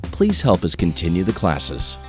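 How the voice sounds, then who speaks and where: Guy reading a quick sponsor plug, low voice, soft guitar music behind. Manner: even, read-out delivery. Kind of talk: sponsor announcement.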